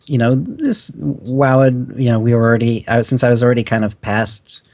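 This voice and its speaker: A man's voice: mid-range voice, normal speed, darkish tone. A man guesting on a podcast interview, talking in a rambling, hesitant way full of fillers and easy laughs. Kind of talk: casual interview.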